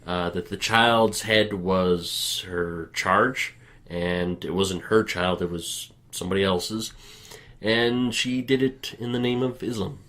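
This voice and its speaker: A man's voice: sits low, fairly even intonation, takes it slowly, a bit bright. A man hosting a podcast, easygoing and explanatory as he recounts news stories in casual chat. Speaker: podcast host.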